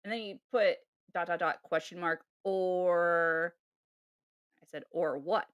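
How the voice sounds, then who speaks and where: A woman co-hosting a podcast, telling a dating story in a casual, animated way with sighs and laughs. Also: on the low side, slow, clear, resonant tone, dry recording, dull audio. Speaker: podcast co-host. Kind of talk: casual chat.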